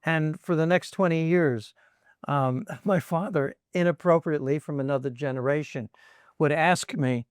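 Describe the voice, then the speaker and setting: A man hosts a podcast in a casual, conversational way, quick to laugh and join in. His voice sits a little high, and the sound is dry and close. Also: clean tone, dry recording. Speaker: podcast host.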